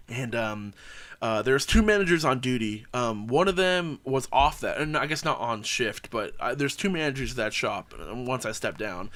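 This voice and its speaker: A man's voice: mid-range voice, fairly bright tone. A man hosting a podcast, chatting casually and telling a profane, rambling story. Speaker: podcast host. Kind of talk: casual chat.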